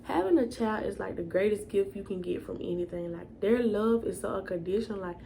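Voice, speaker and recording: A woman's voice: medium pitch, a little fast, creaky, warm tone, slight background noise. A young woman telling a storytime vlog in a casual, chatty way, addressing viewers as y'all. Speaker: vlogger.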